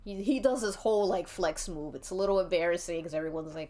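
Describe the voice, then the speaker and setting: A woman's voice: lowish voice, fast talker, darkish tone. A woman narrating a tabletop-style role-play game as game master, chatty and giggly.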